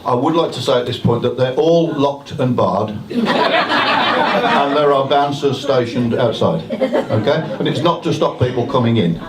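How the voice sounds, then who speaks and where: A man compering a pantomime with a lively, bouncing delivery and self-mocking jokes. His voice sits a little high and sounds distant and echoey. Room noise runs under it. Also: moderate pace. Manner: self-mocking, chatty, jokey asides. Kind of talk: comic stage introduction. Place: hall with live audience.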